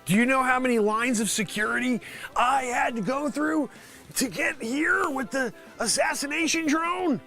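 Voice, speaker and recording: High, bright-voiced man clowning as a reporter. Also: moderate pace, soft background music. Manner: goofy mock news reporting, bursts of shouting. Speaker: host of a live comedy stream. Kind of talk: improvised comedy monologue.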